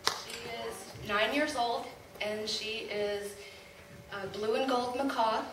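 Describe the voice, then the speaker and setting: A woman's voice: fairly high pitch, steady tone, takes it slowly. Chatty woman on a distant echoey stage. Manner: chatty and fond, laughing often. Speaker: school staff member performing in a talent show. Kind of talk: casual stage talk and poem recitation. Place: school hall stage. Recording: echoey hall recorded from afar with background noise.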